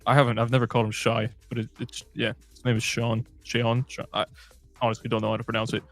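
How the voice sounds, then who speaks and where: Gravelly man hosting a fan stream. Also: medium pitch, completely flat delivery, racing, a bit bright. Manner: reads chat comments aloud, chatty and scattered. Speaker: host of fan livestream. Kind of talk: casual livestream chat.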